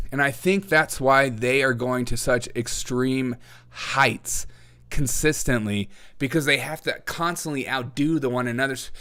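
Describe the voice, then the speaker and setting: A man's voice: medium pitch, fairly bright tone. A man hosting his own show, giving sarcastic political commentary, laughing often and mocking his opponents. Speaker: host.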